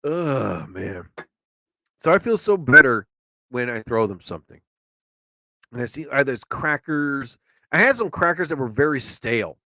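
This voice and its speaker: A man's voice: mid-range voice, moderate pace, no room sound. A man hosting a live show, rambling through everyday stories and acting out the quotes. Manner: animated storyteller, acts out quotes. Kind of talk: rambling solo chat.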